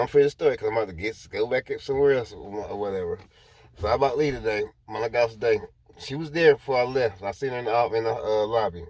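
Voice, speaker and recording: A man's voice: fairly low pitch, a little mellow. A man rambling through a personal story to his viewers in casual talk, repeating himself as he goes. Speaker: vlogger.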